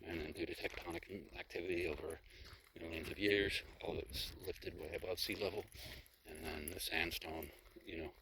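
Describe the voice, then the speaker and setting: A young male travel vlogger with a low-pitched, steady voice talks fairly quickly while hiking down a mountain trail. He rambles casually to his handheld camera, full of fillers and restarts. The outdoor camera audio is noisy.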